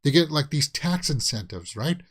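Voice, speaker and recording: A man's voice: on the high side, big pitch swings, normal speed, breathy edge. A man hosting a casual live movie news stream, talking loosely with many fillers and restarts and breaking into exclamations. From Canada. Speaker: host of a movie news channel.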